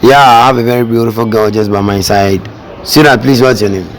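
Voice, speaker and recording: A man's voice: mid-range voice, steady tone, brisk, low-quality recording. A man asking passers-by questions in a casual street interview, teasing them and acting out pickup lines.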